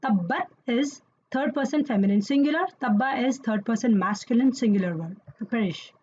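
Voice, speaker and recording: A woman's voice: on the high side, moderate pace, warm tone, muffled recording, slight background noise. A woman teaching Quranic Arabic grammar in an online lesson, explaining patiently and checking in with listeners as she goes.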